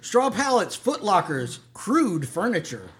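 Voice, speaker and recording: A game master narrating a tabletop role-playing session in a lively, joking way, often breaking into laughter. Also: medium pitch. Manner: lively, laughing, quick asides.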